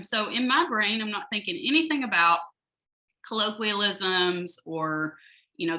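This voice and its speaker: A novelist from North Georgia, USA, speaks with a Southern American accent in a lowish, sharp-toned voice. She chats and laughs often during a casual panel discussion, and the recording is rough.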